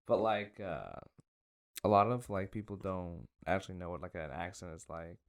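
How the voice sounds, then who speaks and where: A young man with a lowish voice hosts a loose comedy podcast chat. He rambles and trails off, hedging every thought with fillers, then flips into teasing, mock-boastful bits. He talks into a podcast mic with headphones on. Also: lively intonation, normal speed. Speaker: podcast host. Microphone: wearing headphones at a podcast mic.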